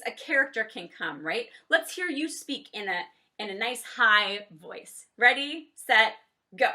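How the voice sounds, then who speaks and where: Bright, lively woman teaching kids drama. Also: measured pace. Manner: encouraging, cueing exercises with "ready, set, go"; demonstrates high, low and silly voices. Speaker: children's theater teacher. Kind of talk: online drama lesson for kids.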